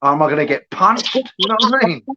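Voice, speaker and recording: A man's voice: sits high, sing-song, a little fast. A middle-aged man talking in a blunt, sweary rant during a casual podcast chat. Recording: dull lo-fi with faint hiss.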